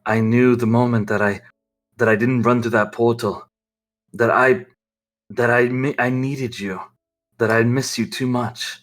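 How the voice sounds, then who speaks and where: Man doing male prisoner, scheming, affectionate, mid-pitched voice. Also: fairly even intonation, a little slow, faint music behind, lightly acted. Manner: low and affectionate, angry when crossed.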